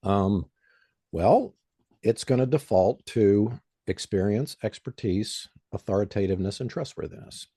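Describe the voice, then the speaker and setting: A man's voice: on the low side, unhurried, dark tone, husky, no echo, studio quality. A man who is a guest on an interview show, explaining in a plain, conversational way with frequent "um" and "you know.". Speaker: guest expert.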